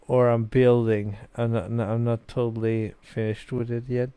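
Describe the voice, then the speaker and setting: A man's voice: medium pitch, flat delivery, normal speed, dark tone, smooth, no room sound. A young man, a bit tipsy, rambling casually as he plays and reads a visual novel aloud. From Sweden. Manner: rambling and casual, with many fillers. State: tipsy from beer. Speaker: gaming video host. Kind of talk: let's play commentary, reading a visual novel aloud.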